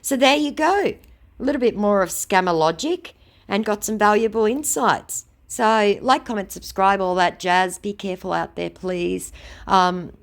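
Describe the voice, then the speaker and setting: A woman's voice: medium pitch, measured pace. A woman vlogger retelling her chats with a scammer in a sarcastic, gleefully insulting way. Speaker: scam-baiting vlogger. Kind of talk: sarcastic retelling of chat messages.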